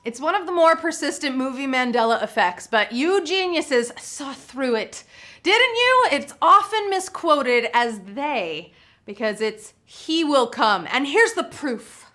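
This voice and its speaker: A woman hosting a live trivia game show, playful and excitable, giggling between chatty asides. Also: high voice, measured pace. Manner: upbeat and excitable.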